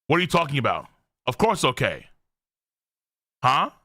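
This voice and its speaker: A young man hosting a live stream where he reacts to a manga, excitable and cursing freely as he reads character lines aloud. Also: medium pitch, normal speed, long pauses, no echo, studio quality.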